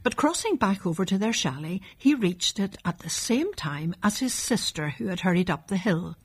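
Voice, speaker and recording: A woman narrating a children's storybook in a calm, measured reading. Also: medium pitch, husky.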